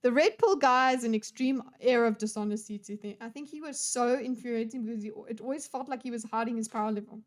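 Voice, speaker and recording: A woman's voice: a little high, fast talker, hardly any pauses. A young adult woman giving casual reaction commentary on a debate video, talking bluntly with plenty of swearing and exasperation. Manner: blunt, profane, exasperated ranting.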